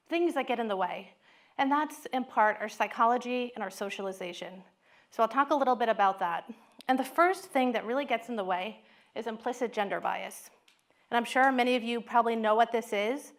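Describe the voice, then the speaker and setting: Mid-aged woman psychologist giving a talk, animated storyteller, kinda high voice. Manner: candid, animated storytelling with quoted dialogue.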